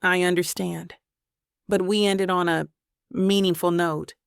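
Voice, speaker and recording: A woman voicing a grumpy, stern male professor who speaks in a low, measured, earnest way. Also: level tone, gravelly, smooth, no room sound, studio quality.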